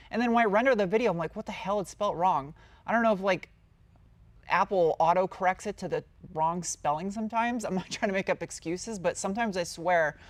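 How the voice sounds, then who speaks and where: On a dry recording, a woman with a fairly low voice handles her live chat as a car-build YouTuber. She reads out every viewer question and answers in a chatty, meandering way.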